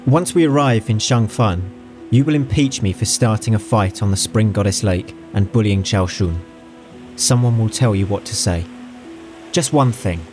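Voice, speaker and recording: A man voicing a scheming young prince in an audiobook, quick, mocking and commanding. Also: fairly low pitch, a little mellow, soft background music, natural voice. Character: scheming young male prince, cocky and cruel. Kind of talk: audiobook character voice.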